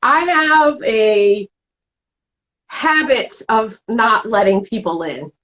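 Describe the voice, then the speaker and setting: A woman's voice: on the high side, sing-song, takes it slowly, a bit bright, rough recording. Woman host chatting, rambles a lot, plays out quotes, pretty candid. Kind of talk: casual chat.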